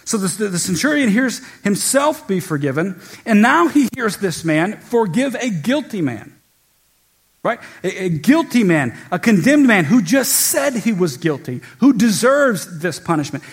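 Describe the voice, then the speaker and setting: A man preaching a sermon as pastor, teaching in an earnest tone and dropping low and soft when he quotes scripture. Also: sing-song, unhurried, breathy edge.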